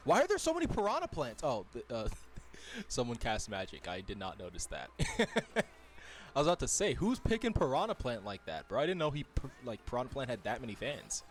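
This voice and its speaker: A man streams a racing game, chatting a little fast in a medium-pitched voice. He's animated and laughs often, joking casually with his viewers.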